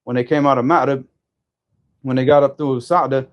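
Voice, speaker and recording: A man telling a story in casual conversation, animated, often restarting his sentences. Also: mid-range voice, a little fast, muffled recording. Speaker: storyteller guest.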